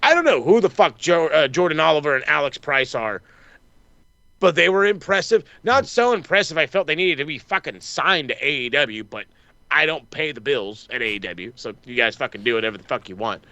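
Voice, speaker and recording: A man's voice: fairly high pitch, animated, bright, forceful tone, no echo, lo-fi sound. A man co-hosting a podcast, ranting and swearing constantly through a heated wrestling recap, often mimicking other people. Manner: fast, heated, swears constantly, mock quotes. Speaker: podcast co-host. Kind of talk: profane wrestling recap rant.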